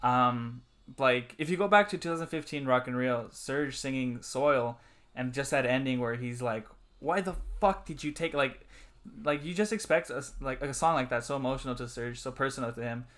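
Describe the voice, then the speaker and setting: A man hosting a casual podcast chat with friends. His voice sits at an ordinary middle pitch. He talks with eager enthusiasm and swears freely. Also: a bit bright. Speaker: podcast host.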